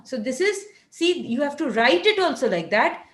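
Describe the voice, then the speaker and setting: A woman's voice: high-pitched, big pitch swings, normal speed. A woman with an Indian English accent from Maharashtra gives an online college lecture. She explains things patiently, often repeating and restarting her phrases. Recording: echoey room.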